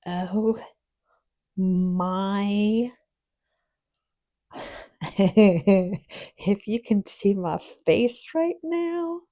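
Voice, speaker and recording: A woman hosts a relaxed unboxing of nail supplies, speaking at an unhurried pace. She gushes with soft exclamations and sometimes lowers her voice to a whisper as she looks closely at a product. Her voice sits at an ordinary middle pitch and is recorded on a phone. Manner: gushing, breathy exclamations, drops to whispers. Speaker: nail channel host.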